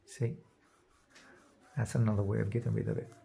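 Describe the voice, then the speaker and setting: A man giving a drawing lesson, thinking aloud as he works and trailing off into soft murmurs. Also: fairly low pitch, little pitch movement, brisk, vocal fry, background noise. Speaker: art teacher. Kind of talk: drawing demonstration.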